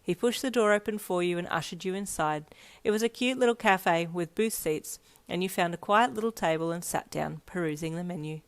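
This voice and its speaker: A woman narrating a fanfiction story aloud in a steady storytelling read. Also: lowish voice, fairly quick. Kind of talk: scripted narration.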